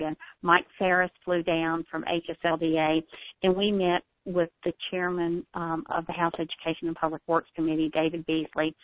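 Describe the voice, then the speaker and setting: A woman's voice: lowish voice, creaky, no room sound. A middle-aged woman from South Carolina, earnest and heartfelt, telling a personal story as a guest speaker with frequent ums. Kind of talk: closing a talk with a personal story. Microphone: phone. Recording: tinny phone line, dry.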